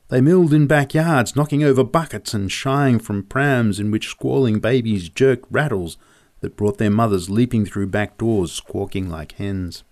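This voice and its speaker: A man reading a humorous memoir story aloud in a vivid, measured way. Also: on the low side, darkish tone.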